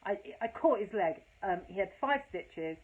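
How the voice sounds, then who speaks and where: A woman's voice: medium pitch, lively intonation, moderate pace. Sweary woman with tinny audio. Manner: candid, self-deprecating, sweary, rambling with many fillers. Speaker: host of a live storytelling broadcast. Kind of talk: casual anecdotal storytelling.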